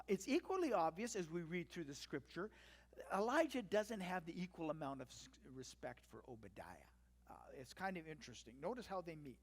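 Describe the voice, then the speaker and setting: A pastor giving a conversational, wry sermon, retelling scenes and breaking into acted-out quotes. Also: mid-range voice. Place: church sanctuary. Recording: long church reverb.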